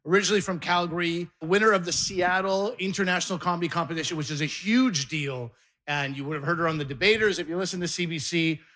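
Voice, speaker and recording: High, bright, fast-talking male host. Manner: hyped, loud crowd-warming introduction. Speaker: comedy show host. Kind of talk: introducing a comedian. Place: comedy stage before a live audience.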